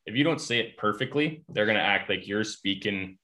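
A man's voice: on the low side, brisk. A young adult man, a guest in a casual chat, telling stories with lots of fillers. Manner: relaxed, filler-heavy storytelling. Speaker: guest, hockey player.

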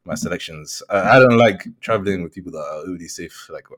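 A man's voice: deep voice, fast talker. A man telling a story in a casual podcast chat, laughing often and using slang. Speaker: podcast co-host.

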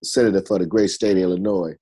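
A man speaking in a casual group chat, plain-spoken and blunt, pausing on fillers. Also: sits low, fairly even intonation, dark tone.

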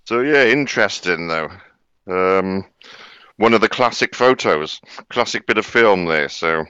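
A man's voice: deep voice, expressive, a little slow, sharp tone, clean tone, no room sound, muffled recording. A man, co-hosting a casual podcast chat with dry humour and casual swearing. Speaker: podcast co-host.

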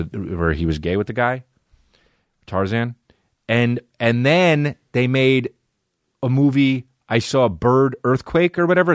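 A man ranting casually and comically, swearing constantly, rambling and jumping into excitable high-pitched bursts. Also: dry recording, studio quality. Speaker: podcast host. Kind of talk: casual comedic rant.

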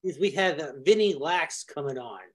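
A man's voice: fairly high pitch, animated, brisk. A man hosting a podcast in easygoing, chatty conversation. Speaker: podcast host. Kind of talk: casual podcast chat.

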